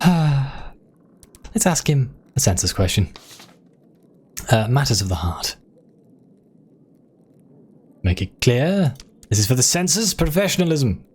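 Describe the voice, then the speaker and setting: Lively man playing through a game. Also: mid-range voice, slow, long pauses, slightly rough. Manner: lively, off-the-cuff, reads game text aloud. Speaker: gaming video host. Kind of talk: casual game playthrough commentary.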